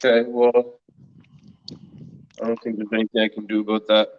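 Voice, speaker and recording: A man's voice: fairly low pitch, completely flat delivery, normal speed, muffled recording, slight background noise. A man hosting a casual podcast, talking bluntly and mockingly and swearing freely. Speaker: podcast host. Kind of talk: casual chat.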